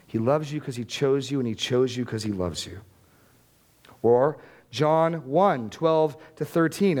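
A man preaching a sermon, reading scripture aloud with deliberate emphasis and putting questions to the congregation in a plain conversational way. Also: a little high, a little mellow. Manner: plain conversational delivery with restarts. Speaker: pastor.

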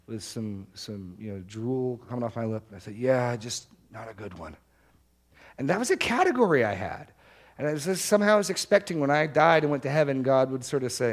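An earnest male pastor delivers a sermon, slowing down and leaning on the words that matter. His pitch sits in an ordinary middle range, and he repeats his main points for emphasis. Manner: earnest preaching, slows and stresses key words.

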